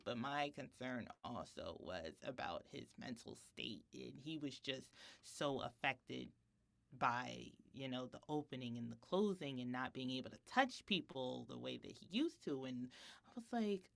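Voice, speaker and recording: A woman's voice: rumbling low, gravelly. A woman co-hosting a podcast, chatting casually and telling a family story, acting out the lines and laughing often. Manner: animated storytelling, acting out her son's and her own lines; laughs often between sentences. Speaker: podcast co-host. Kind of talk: casual chat.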